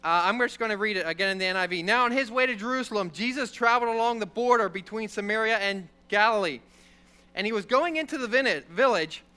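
A man giving an informal Bible lesson, reading a passage and explaining it in a conversational, animated way, often checking in with the listeners. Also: high voice, fast talker, clean tone. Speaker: preacher.

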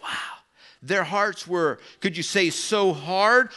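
A man preaching a sermon as pastor, telling stories with animated asides and acting out the people he quotes. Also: high voice, slow. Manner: conversational asides to the congregation.

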